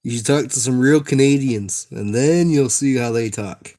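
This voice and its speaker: A young man from the Southern United States, with a Tennessee accent and a dark-toned, medium-pitched voice, talks at normal speed. He's a streamer making dice, chatting casually and profanely with his livestream viewers as he works.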